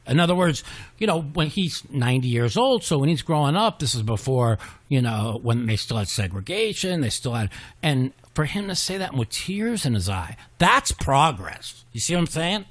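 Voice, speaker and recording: A man's voice: medium pitch, animated, normal speed. A man hosting a podcast, speaking in an ordinary mid-range voice. He comes across earnest and personal, and he leans hard on his points. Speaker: podcast host. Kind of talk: casual interview conversation.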